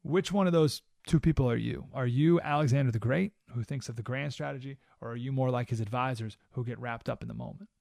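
A man's voice: medium pitch, a little fast, gravelly, hardly any pauses, darkish tone, no echo. A man hosting a talk radio show, giving an emphatic monologue full of rhetorical questions in a studio. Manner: emphatic, rhetorical questions, keeps asking "right?".

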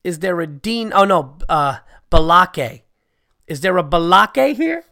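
A man putting on the voice of a stern, tough male substitute teacher who mangles names, loud and high. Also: brisk, gravelly. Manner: loud, high, indignant delivery.

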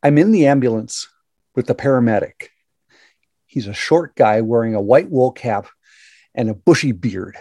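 An older man from Minnesota telling a personal story aloud in the present tense, measured and dramatic, with long pauses. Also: medium pitch, darkish tone, no room sound, clean studio sound. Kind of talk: personal story told to an audience.

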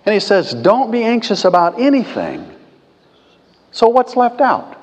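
Animated preaching man in a reverberant hall. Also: a little slow, breathy edge. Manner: animated preaching, swinging from low asides to loud emphatic peaks. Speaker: pastor. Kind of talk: sermon.

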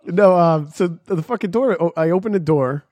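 A man's voice: sits high, moderate pace, a little mellow, no room sound. A man casually telling a long, profane story on a podcast, acting out the lines of the people in it. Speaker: podcast co-host.

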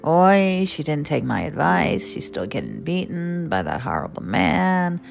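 A woman's voice: low-pitched, big pitch swings, measured pace, vocal fry, heavily acted. A woman voicing a fretting Jewish grandmother with a heavy Yiddish accent, sighing and lamenting, over guitar music. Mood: fretful.

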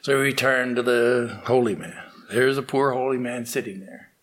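A man giving a morning spiritual talk, telling a fable in a slow, halting way with restarts. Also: medium pitch, a bit bright. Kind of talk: sermon with storytelling.

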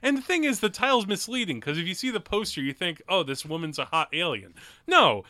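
Co-hosting a laid-back movie review podcast, a man rambles with plenty of fillers and laughs often. He speaks fairly quickly in a high, sing-song, bright, forceful voice. The studio sound is clean, with no room sound.

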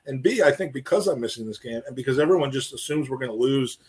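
A man co-hosts a casual football podcast in a mid-range, slightly husky voice. He rambles, restarts his sentences and doubles up words when he gets excited. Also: mid-range voice, fast talker. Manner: rambling, repeats words, animated. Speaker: podcast co-host.

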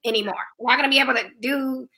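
Bright-voiced woman telling a candid story. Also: high voice, fairly even intonation, racing. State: recovering from throat surgery. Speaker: musical theater performer. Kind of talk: casual conversation.

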